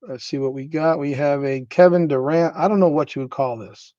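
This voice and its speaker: A man's voice: on the high side, fairly quick, mellow, no echo. Offhand man rattling off names. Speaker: card-breaking host. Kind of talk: casual card-opening commentary. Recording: dry, slightly dull recording.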